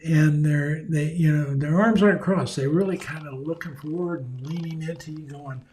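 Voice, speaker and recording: A man leads a leadership seminar in a relaxed, folksy way, breaking into the voices of bosses and employees as he goes. His voice sits a little high for a man. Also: moderate pace, few pauses. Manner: folksy, acts out quoted voices, chuckles. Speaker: leadership speaker. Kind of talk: conversational seminar talk.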